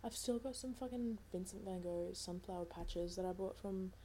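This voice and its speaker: A woman's voice: medium pitch, moderate pace, mellow, slight background noise. A young woman in her twenties co-hosting a podcast, talking in a laid-back, casual way with lots of swearing and fillers. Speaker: podcast co-host. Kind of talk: casual chat.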